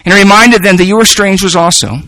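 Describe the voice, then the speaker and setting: A man's voice: high voice, quick pace, bright, forceful tone, no echo, rough recording. A man preaching a sermon in an earnest way, often repeating words as he works toward a point.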